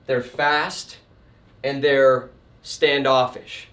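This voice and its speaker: A man teaching sales in a casual, conversational way, emphatic and lively as he walks through examples. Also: medium pitch, extremely slow, roomy sound. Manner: conversational and emphatic, acts out customer types. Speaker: sales trainer and painting business owner. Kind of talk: casual instructional talk. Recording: voice a bit distant from the mic.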